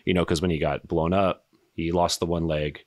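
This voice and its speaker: A man in his thirties, a retired soldier and podcast guest, telling a story in a casual, halting way with lots of fillers and swearing. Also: low-pitched, flat delivery, darkish tone, no echo, clean studio sound.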